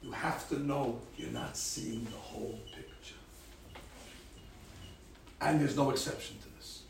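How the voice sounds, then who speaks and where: Animated rabbi with a gravelly voice in an echoey room. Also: male voice, medium pitch, unhurried, far from the mic, noisy background. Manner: animated storyteller acting out the people he quotes. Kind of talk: storytelling talk to a group of girls.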